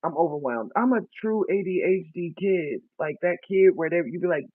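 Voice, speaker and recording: A man's voice: high-pitched, dry recording. A man chatting casually while he sets up seeds for his first garden. He jokes about himself and stumbles as he reads planting instructions aloud. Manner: chatty, self-mocking, reads labels aloud haltingly. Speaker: vlogger. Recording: dry, tinny phone-like sound.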